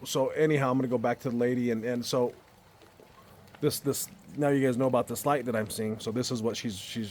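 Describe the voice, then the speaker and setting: A man's voice: mid-range voice, darkish tone. A man telling a personal story in a casual, earnest way, rambling and often repeating and restarting his words. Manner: earnest and heartfelt. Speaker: storyteller vlogger. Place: outdoors in a backyard at night.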